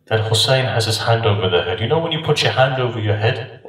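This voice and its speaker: A man's voice: medium pitch, lively intonation, quick pace, fairly bright tone. A man giving an impassioned sermon at a mourning gathering, with rhythmic repeated refrains and emphatic rises and drops. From United Kingdom. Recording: very echoey, voice from a distance.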